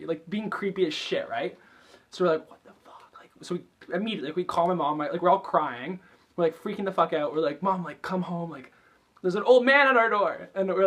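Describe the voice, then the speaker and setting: A young man vlogs a story in a casual, chatty way, swearing a lot and stuffing every sentence with fillers. His voice is on the high side and slightly rough.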